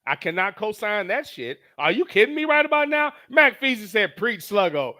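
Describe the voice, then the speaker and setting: A man streaming live, reading chat messages aloud in a casual, animated, profane way. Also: sits high, moderate pace.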